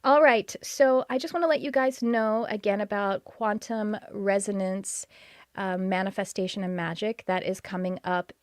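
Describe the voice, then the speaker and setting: A woman's voice: mid-range voice, fairly even intonation, normal speed, clean tone, dry recording, clean studio sound. A woman from Texas with a Texas accent, hosting a live-streamed podcast, greeting viewers and talking about her courses with enthusiasm. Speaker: podcast host.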